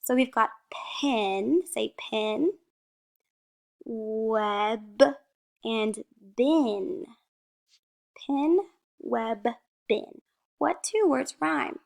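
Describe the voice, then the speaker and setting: A woman teacher giving a slow, encouraging phonics lesson to young children, saying each word out clearly, asking a question and then giving the answer. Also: a little high, animated.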